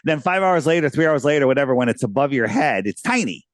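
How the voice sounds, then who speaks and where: A man's voice: medium pitch, sing-song, quick pace, no room sound. A man who is a radio guest, telling stories in a casual, rambling way with many restarts. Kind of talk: casual interview storytelling.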